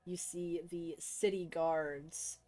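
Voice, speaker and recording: A woman narrating a tabletop game as game master, in calm, measured storytelling. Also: fairly low pitch, no room sound.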